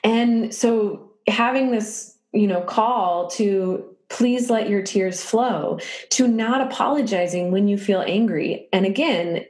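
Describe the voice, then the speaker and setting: A woman in her thirties, guesting on a podcast from a room in her home, speaks in a mid-range, slightly mellow voice. She rambles casually, packs her talk with filler words, and laughs often. The recording has a roomy echo.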